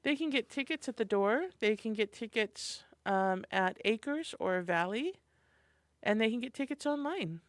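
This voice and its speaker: A woman's voice: a little high, animated, measured pace, no echo. Chatty woman radio co-host, dry studio sound. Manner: chatty and enthusiastic, reading a calendar. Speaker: radio morning show co-host. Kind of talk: community events rundown on radio. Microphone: studio microphone.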